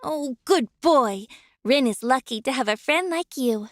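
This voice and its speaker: A kind young florist in a video game, chatting warmly with customers. Her voice sits high and bounces a lot. The sound is close and dry. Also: animated, unhurried, dry recording. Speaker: florist shopkeeper. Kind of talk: game voice acting.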